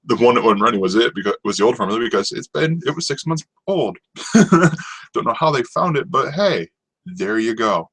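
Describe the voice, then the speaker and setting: Brisk and animated, a North American podcast host rambles through a casual solo TV review, full of ums and false starts. His medium-pitched voice is a bit bright and husky, and the audio is poor.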